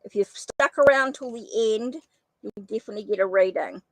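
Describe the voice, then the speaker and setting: Speaking briskly in a mid-range voice, a woman running a live tarot stream types viewers' names, apologizing and thinking out loud in a relaxed chat. She says her accent is funny. The audio is poor, though free of echo.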